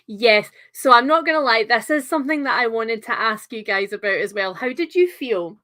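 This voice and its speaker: A woman's voice: a little high, normal speed, few pauses, sharp tone. A young woman hosting a livestreamed book club discussion, talking in a chatty, enthusiastic way with lots of filler words.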